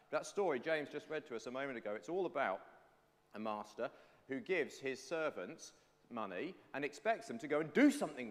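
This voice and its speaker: A man giving a lively children's talk in a church service, telling a personal story before the reading's lesson. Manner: animated storytelling, lively pitch. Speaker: preacher. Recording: hall reverb.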